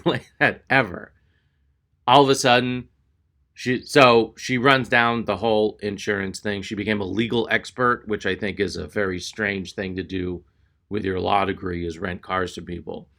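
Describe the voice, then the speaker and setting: Bright-voiced male stand-up comic. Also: fairly low pitch, normal speed. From Texas. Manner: exasperated, animated storytelling. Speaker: stand-up comedian. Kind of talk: stand-up storytelling.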